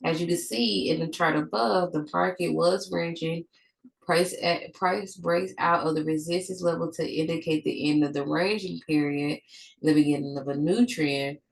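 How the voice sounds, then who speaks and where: A woman's voice: low-pitched, fairly even intonation, moderate pace, gravelly, rough recording. A woman with a stuffed-up nose, reading a trading lesson from her notes, with slips and restarts. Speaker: trading educator.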